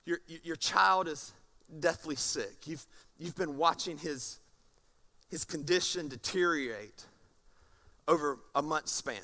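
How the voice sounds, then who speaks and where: A man preaches from the stage of a church in a high, ringing voice. He is animated and acts scenes out for the congregation, moving from quiet, soft lines to loud ones. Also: slow pace. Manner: animated, swings from soft to shouting. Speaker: pastor. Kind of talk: sermon.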